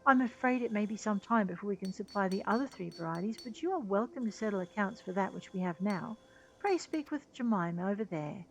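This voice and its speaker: A woman's voice: medium pitch, expressive, fairly quick, close to an everyday voice, low-quality recording. A woman voicing a polite, formal male shopkeeper in a game, speaking with courteous formality.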